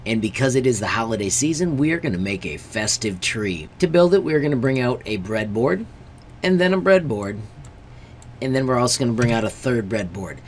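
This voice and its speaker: A man's voice: mid-range voice, very animated, a little fast, slight background noise. Friendly man teaching a step-by-step tutorial. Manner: friendly, repeatedly says friends; step-by-step, emphasizing warnings. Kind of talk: screen-recorded tutorial.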